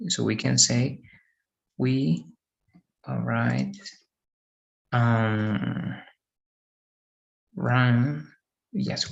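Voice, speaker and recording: A man's voice: medium pitch, gravelly, dull audio. A man teaching an English grammar lesson in an online class, patient and repetitive, often checking in with "right?".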